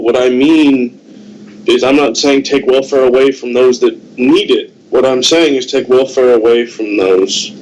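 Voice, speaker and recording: A middle-aged man from the United States, a guest on a Skype call, giving blunt, deliberate political opinions. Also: mid-range voice, darkish tone, poor audio. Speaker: guest, host's father.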